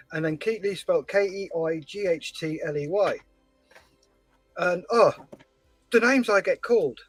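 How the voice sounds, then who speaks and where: A man hosting a scale-modelling livestream, chatting casually and telling stories with animated voices. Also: high voice, breathy edge, rough recording. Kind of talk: casual chat while building a model.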